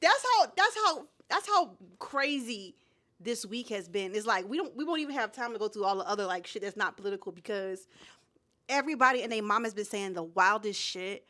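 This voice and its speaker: A woman's voice: medium pitch, lively intonation, fairly quick, bright, forceful tone. A woman co-hosting a podcast in heated casual chat, passionate and profane, lecturing listeners. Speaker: podcast co-host.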